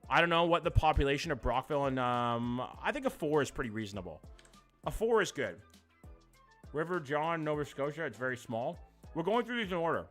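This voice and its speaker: A young man, doing live-stream commentary, reacting to chat in a jokey, profane, animated way. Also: a little high, a little fast, faint music behind.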